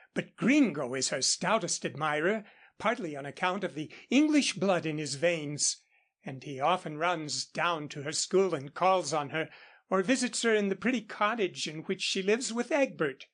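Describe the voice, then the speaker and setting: A man reading a classic novel aloud as an audiobook in a steady, even narration. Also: fairly high pitch, moderate pace. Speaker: audiobook reader. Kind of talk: scripted narration.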